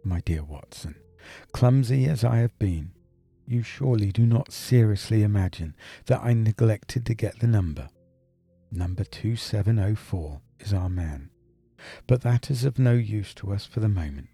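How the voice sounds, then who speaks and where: A man doing a brilliant detective with a very low, dark voice and a slightly husky edge. He is brisk and dry, explaining in crisp, measured phrases. Soft music plays faintly behind him. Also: lively intonation, no room sound, exaggerated voice. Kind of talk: audiobook character reading.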